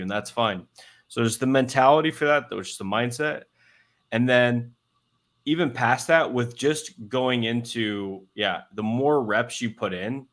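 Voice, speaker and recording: A man hosting a live video call, giving dating advice in an emphatic, animated way with sudden loud bursts. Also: lowish voice. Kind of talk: casual live-stream coaching.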